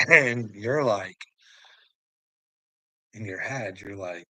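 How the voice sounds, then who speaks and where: A man's voice: mid-range voice, slow pace, long pauses, sharp tone, dry recording. A man ranting at the camera in a taunting, profane way, laughing often between lines. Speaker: vlogger. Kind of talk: mocking rant to the camera.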